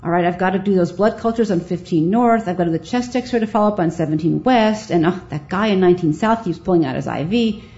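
A woman's voice: on the low side, quick pace, few pauses, muffled recording. Self-mocking woman telling a story. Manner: lively, self-mocking, animated. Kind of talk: live storytelling.

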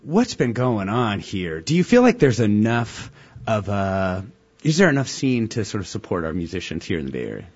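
A male radio host with a lowish voice, talking in a relaxed, chatty way and laughing easily. The broadcast audio sounds a little dull. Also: normal speed, slightly rough. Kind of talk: live radio interview.

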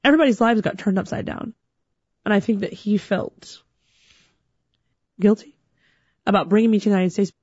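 A young adult woman comedian telling a personal story on stage, animated and acting out the other people's voices. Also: medium pitch, moderate pace, pauses often, husky, no echo, muffled recording. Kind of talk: stand-up storytelling.

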